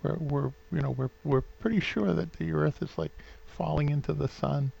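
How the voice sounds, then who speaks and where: A man's voice: a little high, fairly even intonation, normal speed, gravelly, a little mellow, slightly rough, dull audio. A man in his fifties with a New England accent rambles sentimentally through a home vlog, full of fillers and restarts. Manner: sentimental, gets openly emotional. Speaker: vlogger.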